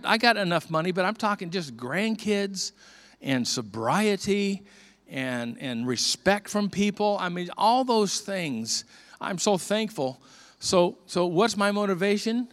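A man's voice: sits high, fairly bright tone. An older man, a pastor, preaching a conversational sermon with earnest repeated restarts.

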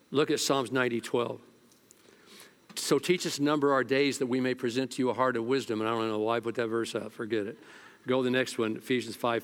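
An older man preaching a sermon as pastor, colloquial and animated, swinging from loud exhortation to hushed storytelling and repeating words when worked up. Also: medium pitch.

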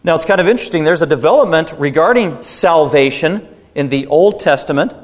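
A man preaching a sermon with a fairly high voice that climbs on the words he stresses. His delivery is emphatic, and a long reverb trails behind him as if in a big hall. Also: animated, a little fast. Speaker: pastor.

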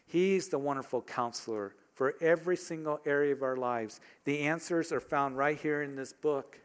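A man's voice: a little high, moderate pace, smooth. A man preaching a sermon as pastor, talking conversationally and asking his congregation rhetorical questions.

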